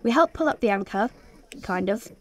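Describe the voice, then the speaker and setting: A woman's voice: mid-range voice, animated, moderate pace, crowd noise. A teenage girl reading a scripted voice-over for her sailing vlog, in a plain, upbeat storytelling way. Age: teens. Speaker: vlogger.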